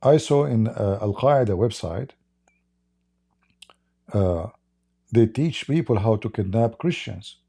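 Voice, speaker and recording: A man hosts a livestream and tells a story in rushed, emphatic bursts of non-native English. His voice is dark, gravelly and a little husky. He presses every point hard. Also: fairly low pitch, lively intonation. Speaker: livestream host.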